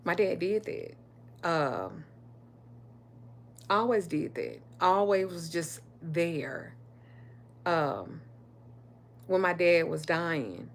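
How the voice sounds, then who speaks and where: A middle-aged woman with a drawl, speaking a touch lower than most women. She tells personal stories on a casual livestream, candid and emphatic, and swears freely. A faint hum sits under her voice. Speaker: spiritual reader and livestream host.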